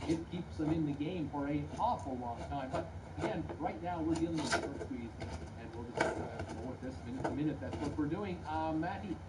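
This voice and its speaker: Distant, noisy, brisk market commentator man. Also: a little high. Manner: brisk, plainspoken, hesitant with many "uh"s. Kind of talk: live market commentary reading viewer comments. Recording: distant voice with clear background noise.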